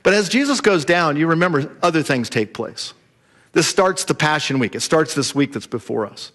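Male pastor, high voice, animated sermon storytelling in church. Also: normal speed.

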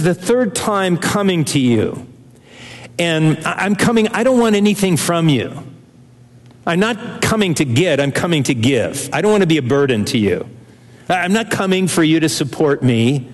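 Older preacher in a reverberant hall. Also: male voice, on the high side. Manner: earnest, animated preaching with fillers. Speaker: pastor. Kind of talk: sermon. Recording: long reverb in a large hall.

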